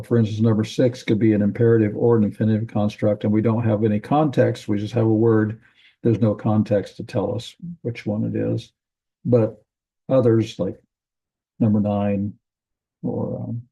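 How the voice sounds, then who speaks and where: A man teaching a Bible language class in a relaxed, halting way, with many fillers and restarts. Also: lowish voice, slightly rough, poor audio. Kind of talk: classroom lecture.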